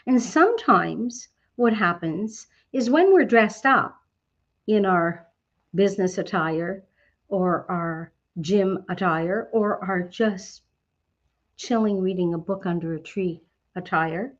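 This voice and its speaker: An outgoing woman from Canada gives a motivational talk to fellow entrepreneurs. Her voice sits in a middle pitch, and the audio is a little dull and lo-fi. She is animated and keeps asking herself questions. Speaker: speaker at a women's business network talk.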